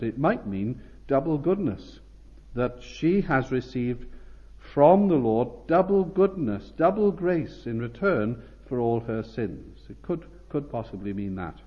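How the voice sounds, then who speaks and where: A man preaching an expository sermon, measured and explanatory, lifting his voice on the calls he quotes. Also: medium pitch, highs cut off.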